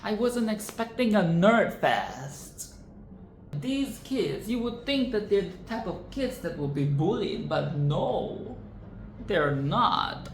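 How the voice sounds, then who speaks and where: A woman with a low, unhurried voice reacts to a film in a sassy, outspoken way, swearing freely and ranting. Her voice sounds roomy and echoey, with a faint hiss of noise behind it. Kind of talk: casual film commentary.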